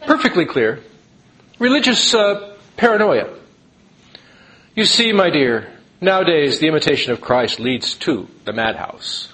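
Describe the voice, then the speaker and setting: A man's voice: fairly high pitch, very animated, unhurried, pauses often, a bit bright. A man voicing a pompous old male asylum professor who declaims his diagnoses.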